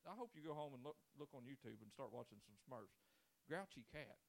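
A man's voice: medium pitch, animated, brisk, gravelly. A man in his forties, a pastor preaching a sermon with folksy, joking storytelling and casual grammar. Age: 40s.

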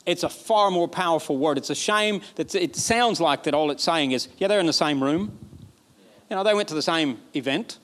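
A man from Alabama, preaching a sermon emphatically, repeating phrases and building to excited peaks. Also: fairly high pitch, moderate pace. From Alabama, USA. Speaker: pastor.

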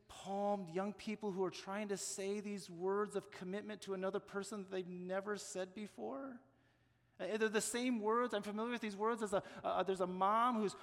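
A male pastor with a notably high voice delivers an earnest sermon, his words ringing with a long reverb through a church sanctuary. He often catches on a word and repeats it before pressing on. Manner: earnest, stumbles and repeats words when moved.

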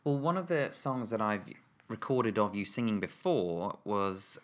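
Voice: mid-range voice, animated, a little slow. An interviewer asking curious follow-up questions and joining in chants.

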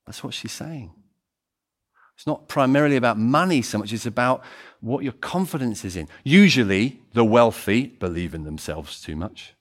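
A man preaching a sermon as pastor, swinging between excited loud passages and quiet, intimate ones. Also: medium pitch, normal speed. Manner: animated, swings from loud to hushed.

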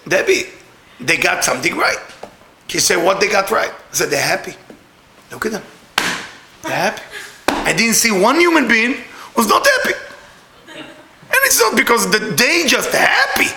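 A middle-aged man telling a personal story in broken English, animated and laughing often. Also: high voice, gravelly, echoey room.

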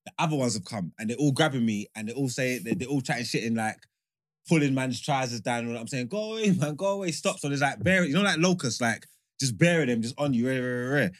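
Man, rapid casual storytelling, animated, podcast co-host. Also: medium pitch. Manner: animated, repeats "you know what I'm saying".

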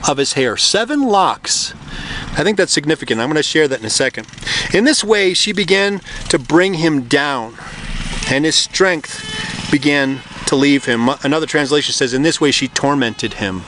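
A man preaching a conversational sermon, telling the story in an animated way. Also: fairly high pitch, normal speed, slight background noise. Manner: animated, conversational, acts out the characters.

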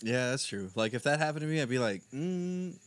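A man with a middle-pitched voice who chimes in easygoing and relaxed, laughing along and asking questions. His delivery is plain and unhurried. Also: clear, resonant tone, no echo. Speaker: podcast co-host. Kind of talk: casual chat.

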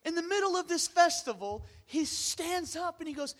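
A man preaching a sermon to a congregation, asking them questions and swinging from loud bursts down to hushed near-whispers. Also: extremely high pitch, animated, moderate pace, hardly any pauses. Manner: conversational, asks the congregation questions. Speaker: pastor.

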